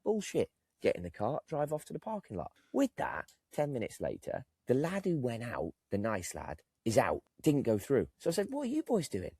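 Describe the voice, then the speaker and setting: A man in his forties telling a long, animated anecdote as a podcast co-host, swearing freely and acting out what others said. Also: mid-range voice, normal speed, breathy edge, dry recording, clean studio sound. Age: 40s. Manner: animated, swearing, acts out other people's lines. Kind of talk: casual storytelling.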